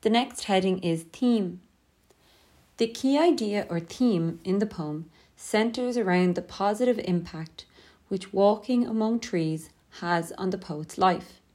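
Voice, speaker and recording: A woman reading a scripted poetry lesson in a steady, measured way. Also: mid-range voice. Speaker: teacher.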